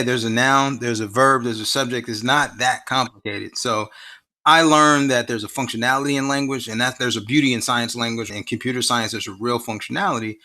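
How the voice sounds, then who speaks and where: A man's voice: medium pitch, bright, forceful tone. A man being interviewed as an education researcher, explaining ideas at length and posing rhetorical questions with emphasis. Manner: expansive, emphatic, often asks rhetorical questions. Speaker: guest researcher in science education.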